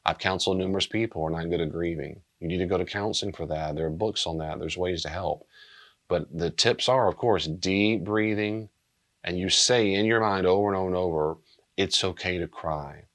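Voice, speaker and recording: A man speaking as a pastor and counselor, earnest and gentle, often repeating key phrases as he teaches. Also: low voice, fairly quick.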